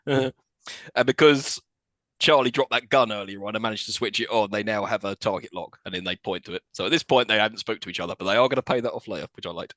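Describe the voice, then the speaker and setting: Give me a bright-voiced man chatting about a film on a podcast, dry and close. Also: fairly low pitch, fast, dry recording. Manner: laughs often while recapping scenes, swearing. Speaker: podcast co-host. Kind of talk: casual film review chat.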